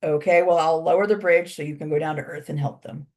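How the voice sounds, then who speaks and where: A woman's voice: low-pitched, fairly even intonation, fast, a little mellow, lightly acted. A woman voicing a skeptical, offhand male sky spirit in a spoken legend.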